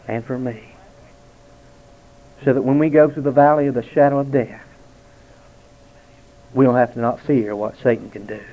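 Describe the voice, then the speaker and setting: A man in his forties preaching a dramatic testimony sermon, slowing and dropping almost to a hush for emphasis. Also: medium pitch. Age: 40s. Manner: dramatic, slows and drops to near quiet for emphasis. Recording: tinny phone-like sound.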